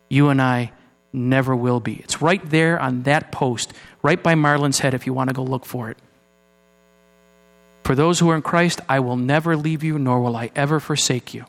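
A man preaching a sermon in a church, earnest, moving between raised urgency and low, hushed passages. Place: church sanctuary. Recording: long hall reverb with mains hum.

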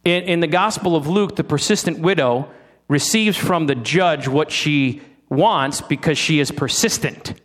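High-voiced man preaching a sermon. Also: measured pace, fairly bright tone. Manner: teasing, asks the congregation rhetorical questions.

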